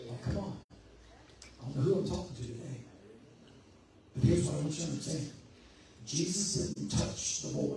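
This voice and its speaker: A male pastor preaching a sermon in a whooping cadence, full of "uh" fillers and rising to shouted, sung phrases. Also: a little high, normal speed, gravelly, pauses often, slight background noise. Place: church sanctuary. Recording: echoey hall, distant mic, music behind.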